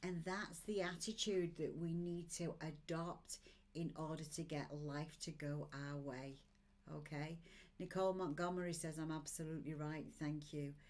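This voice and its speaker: Her voice sits low and steady, darkish in tone, with a measured pace. She's a woman in her sixties doing oracle card readings on a live stream, reading comments and upbeatly cheering on her audience.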